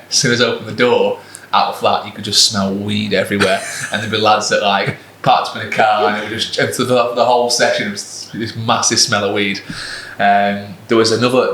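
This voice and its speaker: A man's voice: lowish voice, fairly bright tone, slight background noise. Chatty man in an echoey room. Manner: chatty storyteller, laughs often. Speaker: podcast co-host, fitness coach. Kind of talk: casual chat.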